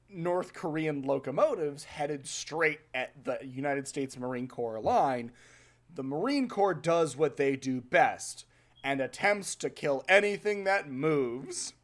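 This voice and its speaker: A man casually telling a history story on a podcast, animated, swearing freely and laughing often. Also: a little high, slow pace.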